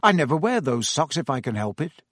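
A man's voice: fairly high pitch, sing-song, fairly quick, a bit bright, dry recording, clean studio sound. A man voicing a plain, puzzled teen boy. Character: earnest, puzzled teenage boy.

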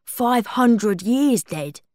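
A woman reads the part of a wry, impatient teenage boy who speaks bluntly. The lines come slow, with a lively rise and fall. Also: a little high, dry recording, studio quality.

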